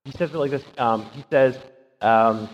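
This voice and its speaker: A pastor with a mid-range voice preaches a conversational sermon at normal speed, speaking emphatically and often checking in with a rhetorical "right?". The sound is dull, with long hall reverb.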